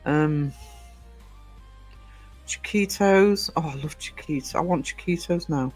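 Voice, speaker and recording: A man's voice: a little high, slow, faint music behind. A man hosting a livestream, chatting casually and rambling with many hesitations as he answers live comments. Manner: rambling, hesitant, full of ums. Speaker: livestream host.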